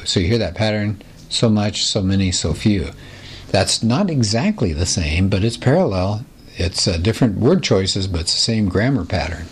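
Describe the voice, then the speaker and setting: Male Bible teacher, low voice, unhurried explanatory delivery, faint hiss behind him. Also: animated. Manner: explanatory, asks rhetorical questions, reads scripture slowly. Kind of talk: recorded Bible lesson.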